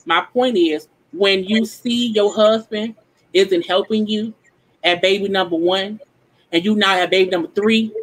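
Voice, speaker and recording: A woman's voice: medium pitch, a little slow, poor audio. A woman on a chat panel talking bluntly and swearing freely. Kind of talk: casual group chat.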